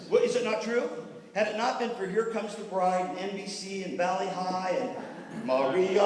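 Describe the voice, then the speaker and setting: A man giving a lively workshop talk to music teachers, telling jokes and doing quick voices for the people in his stories. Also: high-pitched, noisy background. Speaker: workshop presenter on band administration. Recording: echoey hall, voice from far off.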